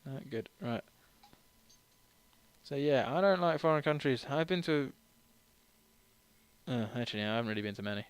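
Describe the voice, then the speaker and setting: A man's voice: mid-range voice, animated, moderate pace, pauses often, clear, resonant tone, no room sound. A man giving casual let's-play commentary while tipsy, rambling and self-deprecating, laughing often as he talks. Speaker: game streamer.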